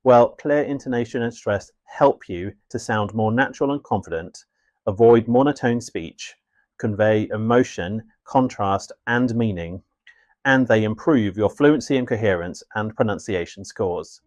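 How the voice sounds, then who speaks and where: Low-voiced man giving a scripted lesson. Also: a little mellow, no room sound. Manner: clear, measured, instructive delivery. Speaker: English teacher. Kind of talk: scripted teaching narration.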